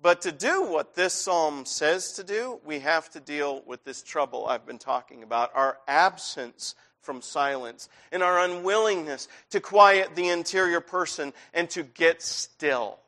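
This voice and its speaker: High-voiced male preacher, conversational. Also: lively intonation, unhurried, pushed and bright. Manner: conversational, rising to intense. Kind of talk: sermon.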